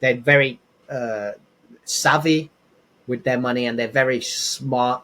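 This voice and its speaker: A man's voice: medium pitch, slow. A young man, a podcast guest, telling casual rambling stories with lots of restarts. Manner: rambling, animated anecdotes with many restarts. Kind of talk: casual storytelling.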